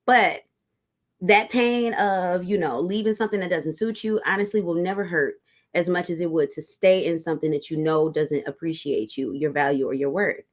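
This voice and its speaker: A woman with a fairly low voice hosts a tarot livestream. She chats loosely and warmly with her viewers, calling them y'all and reading their comments aloud. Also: moderate pace. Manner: chatty, talks straight to viewers as y'all, reads comments aloud. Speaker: tarot reader hosting a livestream. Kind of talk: casual livestream chat with viewers.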